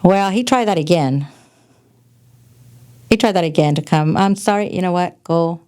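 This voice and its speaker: Frank, lower-voiced woman telling stories. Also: moderate pace. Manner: frank, animated storyteller. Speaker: podcast guest, host's mother. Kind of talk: casual storytelling chat.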